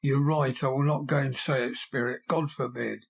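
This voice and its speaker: A man voicing an old male miser who answers in low, grumbling replies. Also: steady tone, moderate pace, creaky, breathy edge. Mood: wistful.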